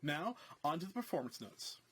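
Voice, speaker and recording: A man's voice: on the high side, very animated, normal speed, breathy edge. A man teaching music in a casual, explanatory way, full of fillers and restarts as he walks students through a new note. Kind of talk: instructional commentary.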